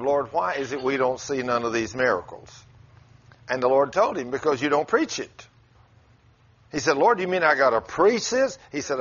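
A man's voice: medium pitch, fairly bright tone, slightly rough. A man who preaches, telling a story in casual conversation in a folksy way and chuckling as he goes. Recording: dull lo-fi recording.

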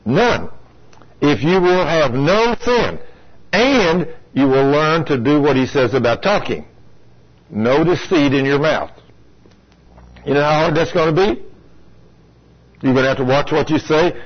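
A man's voice: fairly high pitch, highs cut off. A man preaching a sermon in a folksy, conversational way, asking his listeners questions.

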